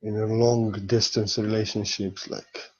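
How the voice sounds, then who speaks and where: A man's voice: lowish voice, level tone, unhurried, a little mellow, dull audio. A man giving an informal spiritual talk as a teacher, speaking candidly and emotionally, blunt and sometimes swearing.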